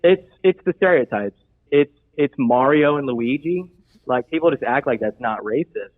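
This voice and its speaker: A man's voice: mid-range voice, expressive, normal speed. An eager man rambles earnestly through a mock job interview, full of restarts and asides. His voice comes through thin and tinny, like a phone call. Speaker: comedic job applicant guest. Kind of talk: improvised comedy bit.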